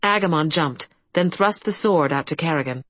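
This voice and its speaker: A woman narrating an audiobook in a steady, even storytelling manner. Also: sits low, moderate pace, no room sound. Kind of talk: scripted fantasy narration.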